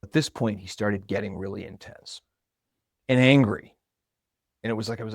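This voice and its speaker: A man tells a personal story in a relaxed, reflective, conversational way. His voice sits a little low. The sound is dry and close. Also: moderate pace, vocal fry, long pauses, no room sound. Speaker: marketing coordinator.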